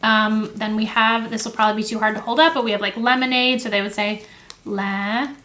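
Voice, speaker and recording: This young woman, a teacher and education video host, talks fast in a high-leaning, sharp voice with fairly even intonation. She's friendly and chatty while explaining classroom activities, dropping "um" and "like" and often correcting herself. The camera sits close to her table of materials indoors.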